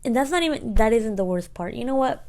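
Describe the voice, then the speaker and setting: A woman's voice: on the high side, lively intonation, fast talker, dark tone. A woman in her twenties telling a story in casual, slangy talk, re-enacting dialogue as she goes. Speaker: podcast co-host.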